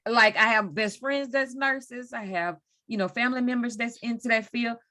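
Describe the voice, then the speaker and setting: A woman's voice: fairly high pitch, normal speed, sharp tone. A woman hosting a podcast, chatting casually and backing up her guest with frequent affirmations. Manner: supportive, many affirming backchannels. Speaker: podcast host. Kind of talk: casual chat.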